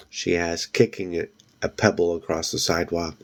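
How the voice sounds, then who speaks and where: Man, fairly low voice, reading a children's book aloud, plain steady narration, small slips. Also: moderate pace. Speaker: book video host.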